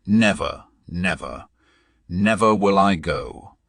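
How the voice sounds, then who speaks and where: Man doing a defiant goddess, stubborn and fierce, husky low voice, slow storybook audiobook. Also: fairly bright tone, dry recording, studio quality, full character voice. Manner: insistent, defiant refusals.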